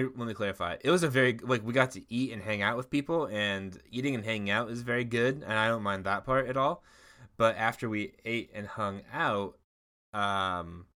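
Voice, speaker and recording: A man's voice: fairly low pitch, sharp tone. A man co-hosting a podcast, telling a long story in casual chat, full of fillers and laughs. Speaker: podcast co-host.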